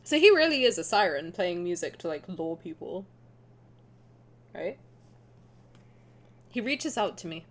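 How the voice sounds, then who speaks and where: This young woman streamer speaks in a lowish voice at a measured pace, leaving long pauses. Playing a story game, she reads the narration aloud and reacts chattily and animatedly, often laughing.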